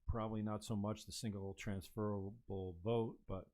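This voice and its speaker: A man's voice: on the low side, flat delivery, normal speed, mellow. A man in casual conversation, airing strong opinions bluntly. He rambles, circling back and restarting as he talks things through. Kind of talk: casual political chat.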